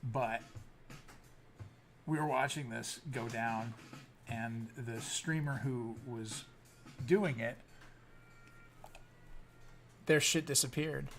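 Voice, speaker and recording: A middle-aged man at an average pitch, talking loosely to his viewers in casual storytelling commentary. He rambles, drops curse words freely and often backs up to restart his sentences. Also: takes it slowly, long pauses, fairly bright tone, faint music behind. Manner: rambling, profane, many restarts. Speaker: YouTube commentator.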